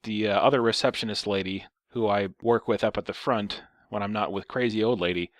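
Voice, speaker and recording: A man's voice: on the low side, fairly even intonation, fairly quick, dry recording, studio quality. A man telling a story in a casual vlog, ranting with exasperation and a lot of profanity. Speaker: vlogger.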